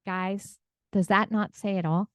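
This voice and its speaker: A woman's voice: mid-range voice, fairly even intonation, unhurried, clean tone, no echo, studio quality. A middle-aged woman coach giving a teaching talk in an earnest, conversational way, often checking in with "right?". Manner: earnest, conversational, tag questions. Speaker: real estate coach.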